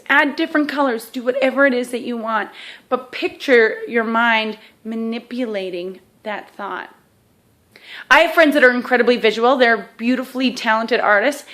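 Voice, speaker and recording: A woman with a somewhat high voice walks the listener through a self-help exercise. She keeps it casual and chatty, checks in with "okay?" again and again, and pokes fun at herself as she goes. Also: fairly bright tone. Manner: self-deprecating humor.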